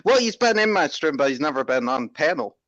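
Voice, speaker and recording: Laid-back streamer, lo-fi audio. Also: male voice, fairly high pitch, very animated, a little fast, a bit bright. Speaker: streamer host. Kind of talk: casual stream chat.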